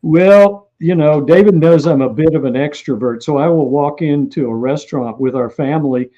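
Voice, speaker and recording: A man, an author being interviewed, telling lively stories and acting out what people said. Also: fairly high pitch, moderate pace, dull audio. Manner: animated anecdotal storyteller who acts out quotes. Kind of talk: interview storytelling.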